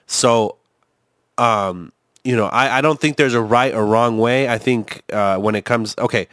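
A man with a mid-range, fairly bright voice speaks at a measured pace, his tone clear and resonant in a studio-quality recording with no echo. As a podcast co-host reacting to a video, he rambles casually, swears often, and restarts sentences with plenty of fillers.

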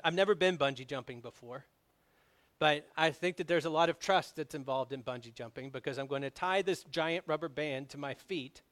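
A man delivers a sermon from the pulpit, his voice sitting a touch higher than most men's. He tells personal stories with animated energy, pushing louder and higher when he drives a point home. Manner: storytelling, animated, grows loud on emphasis. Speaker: pastor.

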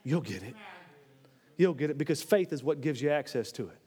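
A man preaching a sermon in a church, animated, swinging between loud, high exclamations and low, quiet asides. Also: quick pace, breathy edge. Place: church sanctuary. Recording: long hall reverb.

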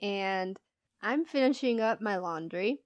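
A woman's voice: mid-range voice, animated, unhurried, dry recording, muffled recording. A woman co-hosting a podcast, telling stories in casual chat, laughing often and swearing as she acts out the people in them. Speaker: podcast co-host.

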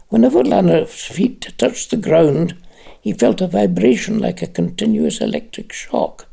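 A narrator giving a measured, expressive reading of a literary audiobook. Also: mid-range voice, gravelly, husky.

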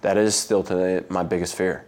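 Chatty man telling stories, low voice. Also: normal speed. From United States. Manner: animated storyteller who acts out quotes with a jump in pitch; loose and chatty, laughs often. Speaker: interview guest, athlete. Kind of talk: casual interview storytelling.

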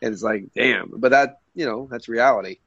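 A man's voice: mid-range voice, normal speed, gravelly, fairly bright tone, slightly rough, no room sound. A man co-hosting a film podcast, chatting in a blunt, joking way. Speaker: podcast co-host. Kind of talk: casual podcast chat. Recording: dry, dull lo-fi sound.

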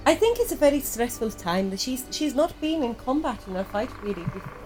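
A woman's voice: high voice, lively intonation, fairly quick, darkish tone, faint music behind, low-quality recording. A woman voicing a caring mentor adventurer with a Liverpool accent, rambling and hesitant in a tabletop role-play. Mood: concerned.

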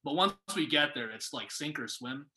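A young man telling a story in casual conversation, lively and acting out what people said. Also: medium pitch, moderate pace. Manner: animated, acts out quoted voices. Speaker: guest. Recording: echoey room.

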